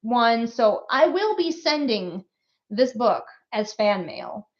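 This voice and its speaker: A woman's voice: a little high, very animated. Chatty, giggly woman on a muffled stream. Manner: chatty and giggly, quick asides. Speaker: author hosting a book release stream. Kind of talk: casual livestream chat. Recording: slightly muffled stream audio.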